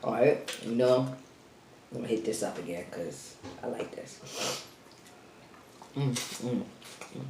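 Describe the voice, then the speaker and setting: A mukbang host with an extremely low voice talks slowly, leaving long pauses, as she eats on camera. Chatty and calling her viewers "y'all," she takes bites between lines and gets out of breath. The sound is roomy, with a noisy background.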